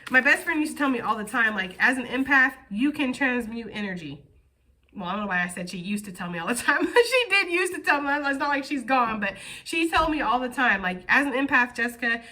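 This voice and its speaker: A woman giving a casual, profane and animated tarot reading to her viewers. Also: medium pitch. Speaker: tarot reader.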